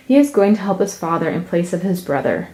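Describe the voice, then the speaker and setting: Soft-spoken woman reading a storybook. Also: on the low side, big pitch swings, fairly quick. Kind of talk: picture-book read-aloud.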